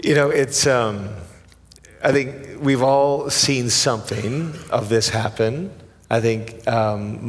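A man's voice: fairly low pitch, big-room sound. A man hosting an interview, asking thoughtful, hesitant questions. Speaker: interview host.

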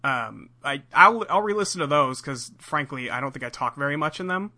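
A man hosting a podcast in casual chat, animated and jokey. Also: mid-range voice, a little fast. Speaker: podcast host.

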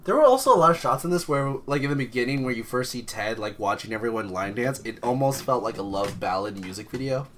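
A man's voice: mid-range voice, lively intonation, fast talker, hardly any pauses, a bit bright. Rambling male podcast co-host. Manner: rambling, laughs often. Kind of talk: casual film chat.

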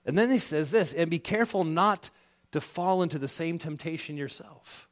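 A middle-aged male pastor delivers a sermon in a conversational way. His voice sits slightly high and rises and falls in a lively, animated way. He briefly acts out the people he quotes. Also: normal speed.

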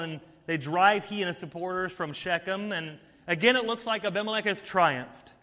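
High-voiced man preaching, reverberant. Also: sharp tone. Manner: storytelling with playful asides. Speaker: pastor. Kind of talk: sermon.

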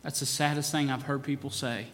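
Man, pastor, sermon, bright forceful voice, long church reverb. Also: mid-range voice, fairly even intonation, a little fast. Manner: preaching with rising emphasis and scripture quotes.

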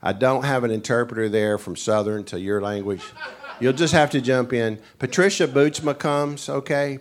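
A male pastor with a thick East Tennessee mountain accent, joking folksily with a congregation as he preaches. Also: on the low side. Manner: folksy, joking, chuckling storyteller. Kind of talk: humorous sermon to a congregation.

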